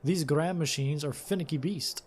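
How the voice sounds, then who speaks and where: Male reader voicing a gruff, impatient woman mechanic; raised, slightly higher voice, game read-aloud. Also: moderate pace, a little mellow, slight background noise, close to an everyday voice. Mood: grumbling. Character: grumpy, brusque young female mechanic.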